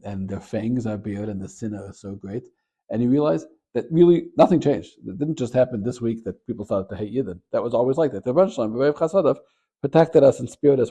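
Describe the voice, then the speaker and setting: A man, a rabbi and Torah teacher, giving a short Torah talk as an animated storyteller. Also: husky. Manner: animated storyteller, gets louder and higher at the story's peak.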